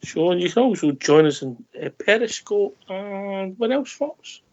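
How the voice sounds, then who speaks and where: Teasing Scottish radio host, lo-fi sound. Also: male voice, sits high, lively intonation. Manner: friendly, teasing, quick to laugh. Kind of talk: casual football chat. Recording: dull lo-fi sound.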